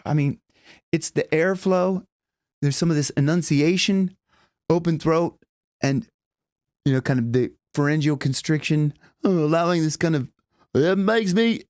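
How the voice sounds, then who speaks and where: A male vocal coach explains technique with a fairly high speaking voice. He talks in loose, halting restarts and takes audible breaths as he demonstrates. The recording is close and dry, with no room around it. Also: a little mellow, dry recording. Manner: loose, demonstrating, breathy gasps between points.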